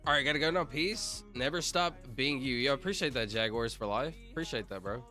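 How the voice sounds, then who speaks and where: A man's voice: mid-range voice, brisk, bright, forceful tone, faint music behind. A man casually chatting on a livestream, rambling and joking while reading viewer comments aloud. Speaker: streamer.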